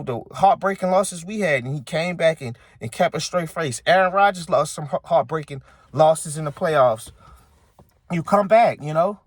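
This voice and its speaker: A man's voice: fairly high pitch, no echo, studio quality. A man hosting a sports channel, ranting casually and heatedly at his viewers, repeating his points. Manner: heated, repetitive, talks straight to viewers. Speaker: sports commentary channel host. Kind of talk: casual sports opinion rant.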